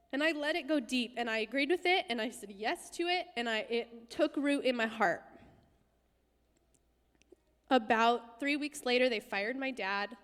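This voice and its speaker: A woman giving a sermon, telling a personal story intensely and emphatically, sometimes dropping to a hushed whisper. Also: sits high, moderate pace. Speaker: guest speaker. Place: church hall. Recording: long hall reverb.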